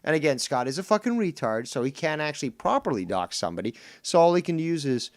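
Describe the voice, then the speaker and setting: Profane ranting man with lively pitch. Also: quick pace. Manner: profane, angry ranting with mocking put-on voices; swings from low mutters to loud outbursts. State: drinking beer and smoking. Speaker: podcast host. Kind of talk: casual ranting chat.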